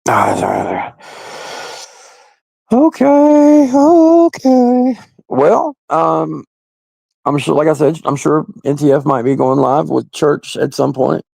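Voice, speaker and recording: A man's voice: mid-range voice, moderate pace, dry recording. A man hosting a casual livestream, chatting loosely and crudely with viewers and often laughing. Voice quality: gravelly. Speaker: livestream host. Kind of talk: casual live-stream chat with viewers.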